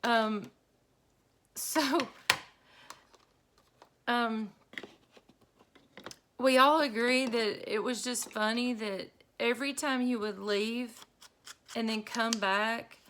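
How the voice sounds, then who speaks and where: A middle-aged woman telling a story casually while she crafts, chatty and quick to laugh, with lots of y'all. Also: a little high, fairly even intonation, a bit bright, a little hiss or hum. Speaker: craft vlogger.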